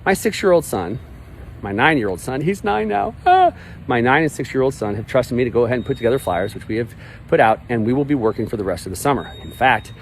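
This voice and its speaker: A man's voice: medium pitch, lively intonation, fast talker. A man in his forties, a life coach, talking to camera outdoors by a pond in a blunt, emphatic, repetitive way, with some swearing. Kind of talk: motivational vlog monologue. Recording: outdoor traffic noise.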